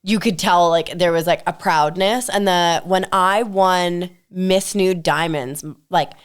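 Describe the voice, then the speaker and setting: A woman co-hosting a podcast, chatting casually, with quick exclamations and her own story. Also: lowish voice, smooth. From Canada. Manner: reactive, exclaims often. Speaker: podcast co-host. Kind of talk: casual chat.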